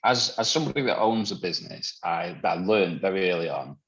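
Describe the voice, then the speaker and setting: A man chatting as a guest on a podcast, rambling and swearing freely, quick to laugh. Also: deep voice, animated, creaky, fairly bright tone, slight background noise. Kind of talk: casual podcast chat. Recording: dull lo-fi sound.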